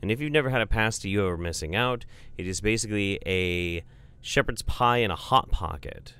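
A man's voice: on the low side, lively intonation, normal speed, bright, forceful tone, smooth. A man casually telling a comic family story, rambling and profane, with lots of fillers.

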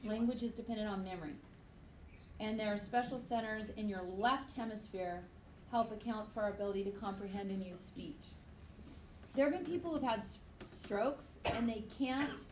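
A woman's voice: medium pitch, normal speed, echoey room, slight background noise. A woman teaching a biology class, lecturing casually and acting out little voices and stories with frequent laughter. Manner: lively, acts out voices and laughs often. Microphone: tablet screencast mic.

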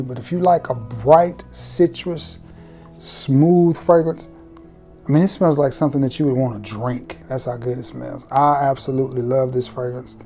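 A man's voice: mid-range voice, dark tone. A man hosting a casual fragrance review vlog, talking straight to viewers in a laid-back, joking, colloquial way.

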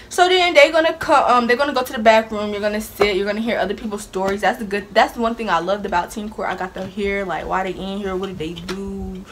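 A young woman tells a story to her viewers, sassy and animated, speaking with plenty of attitude. Her voice sits at an ordinary middle pitch, with a faint hiss in the background. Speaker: vlogger. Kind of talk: casual storytime.

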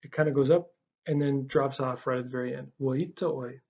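A man giving a casual language lesson, relaxed, with frequent ums and uhs, repeating words slowly for learners. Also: mid-range voice, creaky, dull audio. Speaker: language teacher.

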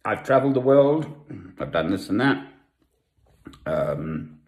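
An older man from South Africa, talking at home in a rambling personal monologue with pauses and asides. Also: fairly low pitch, very animated, darkish tone. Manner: meandering, with long pauses and asides. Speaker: Christian vlogger. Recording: echoey room.

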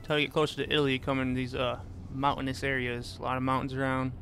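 A man's voice: mid-range voice, little pitch movement, fast, a bit bright, faint music behind. A man casually chatting with his viewers while he plays a truck-driving game, reading their messages and answering them by name. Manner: laid-back, reads chat aloud and answers viewers. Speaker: gaming streamer. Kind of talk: casual live-stream chat while driving.

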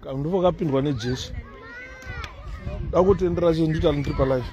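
A man's voice: fairly high pitch, quick pace, long pauses, dark tone, dull audio, some chatter behind, a little hiss or hum. A man with a Zimbabwean accent giving a rambling, casual commentary to viewers while strolling through an outdoor city park, recorded on a handheld phone. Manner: rambling, conversational, chatty asides to viewers. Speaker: vlogger.

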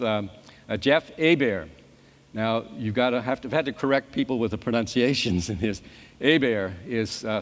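A man from New Orleans introduces a conference panel, stopping and restarting with frequent fillers. His voice carries a long reverb from the big hall around him. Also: mid-range voice. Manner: halting, many fillers and restarts. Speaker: panel moderator.

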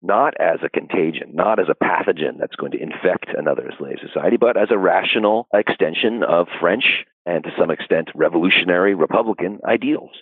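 A man with a very deep, gravelly, husky voice answers interview questions in a thoughtful, explanatory way, pausing with fillers. His voice comes over a thin, phone-like line with no room echo. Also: animated. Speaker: historian guest. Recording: dry, phone-like audio.

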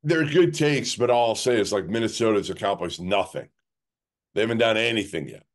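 Rambling low-voiced man on a sports podcast. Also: expressive, a little fast. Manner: rambling, peppered with "like" and restarts. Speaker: podcast co-host. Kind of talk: casual sports talk.

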